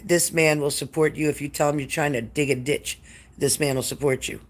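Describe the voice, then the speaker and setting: A man's voice: on the high side, fairly even intonation, brisk. A man doing psychic readings on a live stream, speaking straight to his viewers by name and growing emotional as he talks. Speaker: psychic reader.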